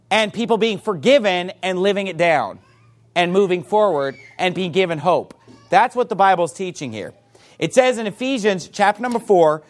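High, animated male preacher. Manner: forceful, emphatic preaching with rhetorical questions. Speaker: pastor. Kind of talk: sermon.

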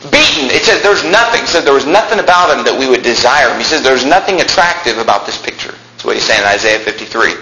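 Male fire-and-brimstone preacher, sharp high voice, mocking edge, faint room ambience. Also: echoey room, a little hiss or hum, rough recording. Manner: dramatic swings from hushed to shouting; mocking, sarcastic. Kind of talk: fiery sermon.

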